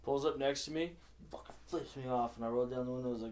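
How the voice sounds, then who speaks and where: A man's voice: medium pitch, fairly even intonation, rapid-fire, a little mellow. A young man telling crude driving stories in a casual podcast chat, swearing freely and acting out quotes. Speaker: podcast co-host. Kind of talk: casual storytelling.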